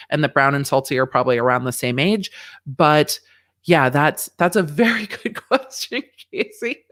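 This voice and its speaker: A woman lawyer giving casual, candid livestream commentary on a court hearing, reading viewer questions aloud and swearing freely. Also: deep voice. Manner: candid, profane, reads chat questions aloud.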